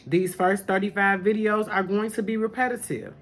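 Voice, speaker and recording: A woman's voice: medium pitch, fairly even intonation, normal speed. A woman hosting a spiritual podcast in casual talk to camera, sassy and familiar, calling listeners honey and baby. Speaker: podcast host, spiritual teacher.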